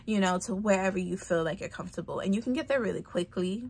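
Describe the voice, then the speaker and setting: A young adult woman vlogging casually about fitness into a phone camera, chatty and expressive, with quick laughs and whispered asides. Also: medium pitch, slightly rough.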